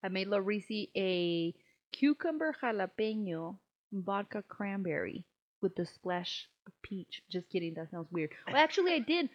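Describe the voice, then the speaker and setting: A woman's voice: mid-range voice, big pitch swings, moderate pace. A woman co-hosting a podcast in casual chat, teasing and laughing often with slangy talk. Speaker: podcast co-host. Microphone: shared table microphone. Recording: dull lo-fi sound.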